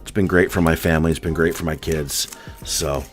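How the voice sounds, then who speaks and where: A man's voice: extremely low pitch, fairly even intonation, fairly quick, faint music behind. A man from the US East Coast hosting a casual live stream, chatting and answering viewer comments one by one. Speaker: coin roll hunting live streamer.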